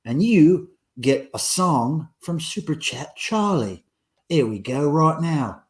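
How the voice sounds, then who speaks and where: A man's voice: on the high side, sing-song, slow pace. A man hosting a casual livestream, rambling and answering viewer comments with lots of ums and uhs. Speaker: livestream host.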